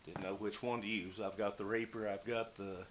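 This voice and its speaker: A YouTuber showing knives and meal kits hurries through his unboxing vlog in a folksy, rambling way. His voice is lowish with fairly even intonation, and the lo-fi camera audio is muffled and noisy.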